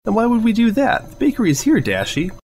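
A man voicing a bubbly, excitable young female pony in a storybook reading. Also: sits high, quick pace, pitched above the performer's own voice, heavily acted. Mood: giddy.

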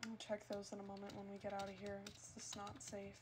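A woman's voice: mid-range voice, monotone, a little fast, noisy background. A woman streamer chatting casually with her live chat during gameplay, teasing them and breaking into melodramatic squeals.

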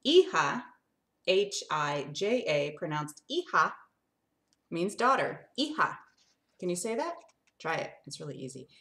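Reading a picture book to a group of children, this Arizona desert woman uses a lowish, lively, sing-song voice full of wide rising swoops. She's unhurried and leaves long pauses, frequently stopping to put questions to the kids.

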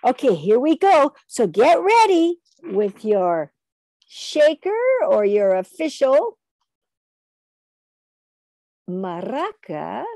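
A woman teaching a children's music lesson online, leading call-and-response singing in an animated, coaxing way. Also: fairly high pitch, slow pace, no room sound.

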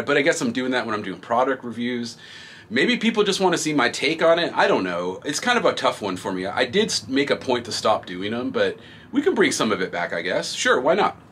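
A man's voice: medium pitch, a bit bright, husky. A middle-aged man hosting a graffiti supply channel, reading viewer comments in a laid-back, rambling way and laughing often. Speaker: graffiti product reviewer and shop host.

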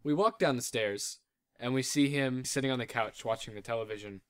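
A man's voice: medium pitch, fairly quick, smooth. Young man, mid-range voice, joking podcast cast member, meandering delivery. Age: young adult. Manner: rambling, joking storyteller. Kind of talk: casual chat, storytelling.

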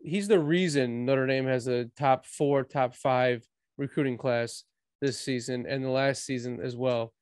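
A man's voice: medium pitch, steady tone, unhurried, a little mellow, no room sound. Profane, fired-up man in a dry room. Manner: heated, profane ranting. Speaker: sports podcast co-host. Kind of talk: casual sports chat.

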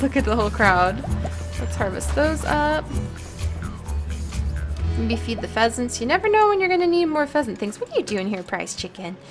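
A young woman chatting casually as she plays a farming game, bubbly and cooing over the animals. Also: on the high side. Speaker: gameplay vlogger. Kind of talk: casual gameplay commentary.

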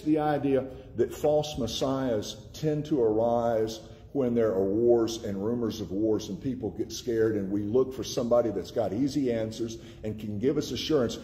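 A man from Tennessee preaching a sermon as pastor, slowing down and repeating key words for emphasis. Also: medium pitch, warm tone.

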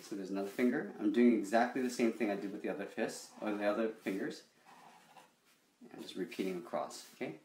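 A man giving a step-by-step drawing lesson, calmly talking through each stroke and checking in with "okay?". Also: lowish voice, echoey room, slight background noise. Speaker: drawing instructor.

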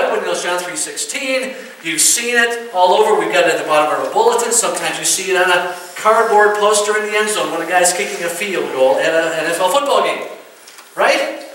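A man's voice: high-pitched, lively intonation, moderate pace, pushed and bright, slight background noise. A male pastor preaching a sermon to his congregation in a folksy way, often checking in with them. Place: church sanctuary. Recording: very echoey church room from far off.

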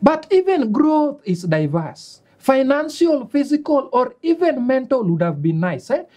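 A woman with a Kenyan accent playing a calm, pointedly critical female college student. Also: high-pitched, a little slow. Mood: reproachful. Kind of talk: web series acting.

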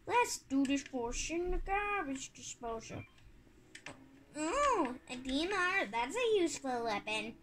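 A woman's voice: sits high, expressive, measured pace, low-quality recording. A woman giving silly, rambling gameplay commentary with sing-song asides. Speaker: gaming channel host.

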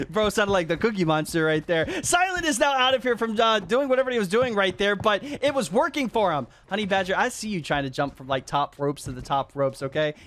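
A young man hosting a hide and seek match while playing, giving animated commentary that jumps up into excited yelps. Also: sits high, fairly quick, few pauses, slight background noise.

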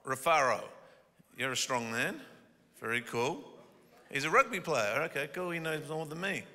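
Bright-voiced male preacher in a reverberant hall. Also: a little high, expressive, normal speed. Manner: calls the congregation up and has them repeat words; jokey asides, then forceful emphatic preaching. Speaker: guest pastor. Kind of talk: energetic sermon. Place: church auditorium. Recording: long reverb of a large church hall.

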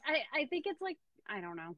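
Relaxed woman host thinking aloud. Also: high-pitched, a little fast, no echo, lo-fi sound. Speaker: host of the live chat. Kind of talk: casual live-stream chat.

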